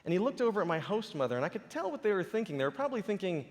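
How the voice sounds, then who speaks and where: A man with a high voice, big pitch swings and a very fast delivery speaks at a conference before a live audience. Standing on a large auditorium stage, he tells animated stories with playful impressions, the sound echoing in a large hall.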